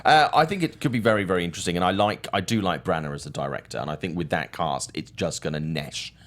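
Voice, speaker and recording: A man's voice: sits low, quick pace. A man co-hosting a casual movie news podcast, musing through his points. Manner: animated, musing, talks through points with repeated phrases. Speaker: co-host.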